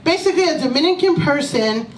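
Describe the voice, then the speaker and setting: Performing stand-up in a small club, a woman with a high voice talks fast, swears freely and breaks into laughter in an animated way. She's picked up from afar in an echoey room, with a little hiss or hum.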